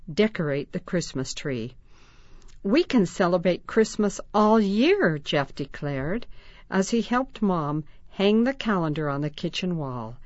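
Slow, expressive woman reading for children. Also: low voice, no echo, highs cut off. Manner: slow, expressive reading with lively sound words. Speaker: reader of a children's magazine. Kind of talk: read-aloud narration for children.

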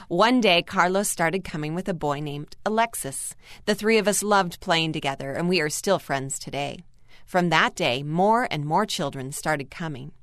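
A woman reading aloud an earnest first-person article as scripted narration, calm and steady. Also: on the low side, moderate pace, no room sound, studio quality. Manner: calm, earnest storytelling read.

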